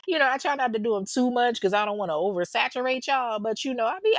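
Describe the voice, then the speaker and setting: A woman's voice: fairly high pitch, animated, a little fast, few pauses, fairly bright tone, dry recording. A woman hosting a true crime podcast, talking casually and bluntly to her listeners, swearing freely and calling them y'all. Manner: chatty, informal, addresses listeners as y'all. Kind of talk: casual podcast chat and outro.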